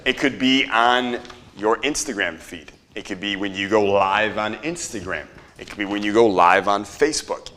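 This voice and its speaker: A man's voice: lowish voice, normal speed, sharp tone. A man teaching a live seminar audience, casual and profane, quizzing the crowd and having them repeat after him. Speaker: marketing seminar presenter.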